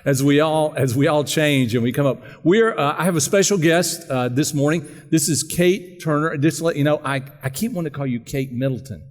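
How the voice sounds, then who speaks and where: Male pastor, easygoing host with halting delivery, heard in a large reverberant sanctuary. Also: on the high side. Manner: relaxed, halting with fillers. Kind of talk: church service announcements and interview. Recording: long church reverb.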